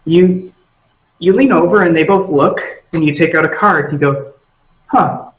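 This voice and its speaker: A man runs a tabletop game, narrating scenes with animated energy. His voice sits a little higher than most men's. The room around him rings with noticeable echo. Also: normal speed. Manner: animated, acting out side characters. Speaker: game master.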